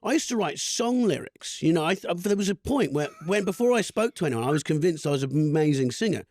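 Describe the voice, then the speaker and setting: A man's voice: fairly high pitch, expressive, quick pace, a little mellow, no room sound, studio quality. A male comedian guest telling rambling stories in a casual podcast chat, laughing often.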